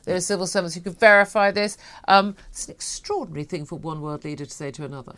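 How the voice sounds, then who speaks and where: A woman's voice: lowish voice, fast talker, a bit bright. A woman hosting a morning radio talk show, chatty and opinionated, with many fillers. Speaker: radio host.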